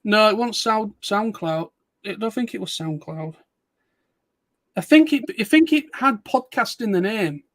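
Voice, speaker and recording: A man's voice: high-pitched, expressive, a little slow, fairly bright tone, no room sound. A man streaming casual chat, telling rambling stories with restarts and laughter.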